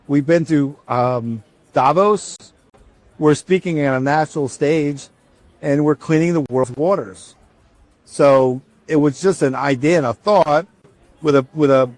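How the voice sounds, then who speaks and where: A man telling a personal story in a casual, animated way, acting out both sides of a conversation and often restarting his sentences. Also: fairly high pitch, no echo.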